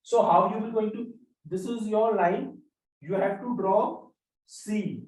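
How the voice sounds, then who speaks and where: A teacher walks through a language lesson at an unhurried pace, repeating each example and its meaning. The voice sits in an echoey room, picked up from some distance away from the mic. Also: mid-range voice, a little mellow. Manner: slow, repetitive drilling of examples. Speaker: French teacher. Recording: roomy echo, mic far off.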